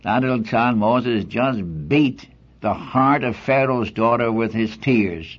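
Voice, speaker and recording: An older man preaching as a pastor, telling folksy stories and asking his listeners rhetorical questions, in a husky voice. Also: mid-range voice, takes it slowly, highs cut off. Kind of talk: sermon.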